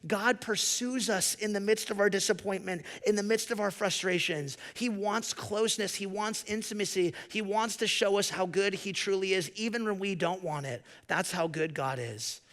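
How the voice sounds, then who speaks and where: A man's voice: high-pitched, moderate pace, few pauses, a bit bright. A man pastor giving a sermon with an earnest, repetitive preaching cadence, asking rhetorical questions and voicing his listeners' inner thoughts. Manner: voices the listener's inner thoughts in quoted asides.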